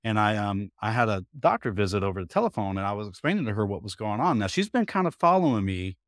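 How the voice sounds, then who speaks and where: A folksy man in his fifties tells his story to an interviewer, slipping into little voices when he quotes people and repeating words as he searches for them. His voice sits fairly low. The sound is close and dry, with no room around it. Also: quick pace, dry recording. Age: 50s. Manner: animated storyteller acting out quoted dialogue. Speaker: interview guest.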